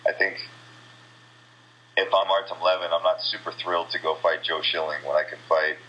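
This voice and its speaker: A man's voice: sits low, little pitch movement, moderate pace, bright, forceful tone, lo-fi sound, slight background noise. A man from the USA, a kickboxing champion, giving blunt, rambling, trash-talking answers in a casual interview.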